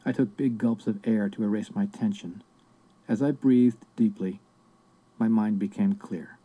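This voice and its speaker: A man narrating a book in the first person in a measured, reflective way. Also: on the low side, fairly even intonation, dark tone, breathy edge, highs cut off. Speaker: audiobook narrator.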